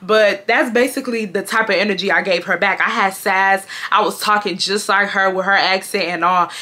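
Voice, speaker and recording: Bright-voiced young woman telling a storytime. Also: mid-range voice, fairly even intonation, moderate pace. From Houston, Texas. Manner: chatty, sassy, mimics the people in her story. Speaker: vlogger. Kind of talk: casual storytime.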